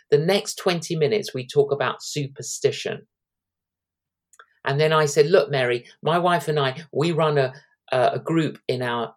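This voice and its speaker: Animated older male evangelist telling stories. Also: mid-range voice. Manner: animated anecdotes with acted-out quotes. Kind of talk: storytelling guest in an interview.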